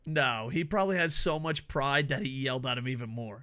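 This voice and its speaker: A man co-hosting a wrestling podcast in casual chat, animated and jokey, laughing often. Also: medium pitch, brisk, few pauses. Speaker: podcast co-host.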